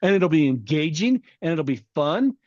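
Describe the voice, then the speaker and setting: A middle-aged man chatting on a podcast, his voice pitched a little high and swinging widely as he acts out quotes. The sound is dull and dry, close to the mic. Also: moderate pace, no echo. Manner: animated storyteller, swears freely, acts out quotes. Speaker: podcast co-host. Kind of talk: casual chat.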